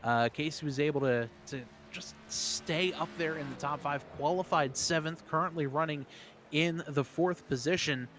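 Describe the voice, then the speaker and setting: A man doing energetic play-by-play commentary on a race, calling positions and passes. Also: on the high side, moderate pace, slight background noise.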